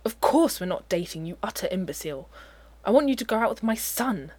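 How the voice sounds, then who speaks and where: Woman reading as a stiff, haughty older gentleman. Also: medium pitch, sing-song, fairly quick. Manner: clipped, stiff and disapproving. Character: stuffy haughty older upper-class man.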